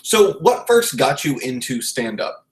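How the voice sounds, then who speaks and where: Young baltimore-area guy hosting a podcast, loose and laughy, swears a lot, regular mid pitch. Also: big pitch swings, unhurried. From Baltimore area, USA. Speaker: podcast host. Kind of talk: casual interview chat.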